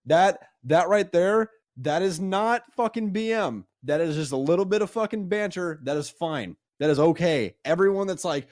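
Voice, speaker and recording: A man's voice: on the high side, expressive, normal speed, few pauses, no room sound, studio quality. A man co-hosting a podcast, ranting emphatically with heavy swearing. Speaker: podcast co-host. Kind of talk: casual podcast chat.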